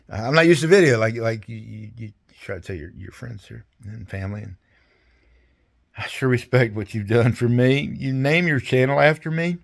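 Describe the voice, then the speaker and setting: Over a video call, an older veteran recounts his service in a casual storytelling interview. His medium-pitched voice has vocal fry, and he's rambling, folksy and salty, chuckling as he goes.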